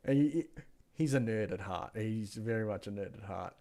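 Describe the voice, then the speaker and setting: This man's mellow, fairly low voice moves at a normal speed while he co-hosts a PC deals show. Loose and talkative, he shares anecdotes, trails off mid-sentence, and mutters to himself while browsing, all on a gaming headset mic.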